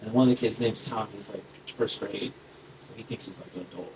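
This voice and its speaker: A thirty-something comedian works a club crowd with a loose, chatty stand-up set, laughing as he delivers lines and talking with the audience. He speaks on the low side, steady in tone and quick in pace, captured by a far-off mic in a noisy club.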